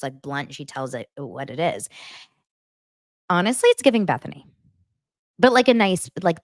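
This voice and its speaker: A young adult woman hosting a casual pop-culture recap show, gossipy and animated as she acts out what people said in mocking voices. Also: low voice, no room sound, studio quality. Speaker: podcast host.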